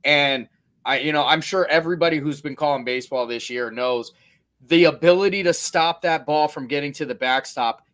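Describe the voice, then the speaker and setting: Guy hosting a sports show, fairly high voice, keen and laughing a lot. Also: normal speed, a bit bright. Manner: enthusiastic, laughs often. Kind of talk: casual sports chat.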